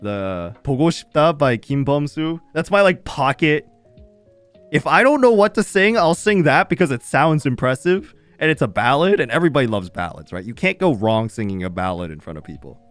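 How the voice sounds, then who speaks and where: A man's voice: mid-range voice, normal speed, smooth, no room sound, faint music behind. A young man streaming, telling a casual story to his chat with lots of laughter and swearing. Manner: animated, laughs often, swears freely.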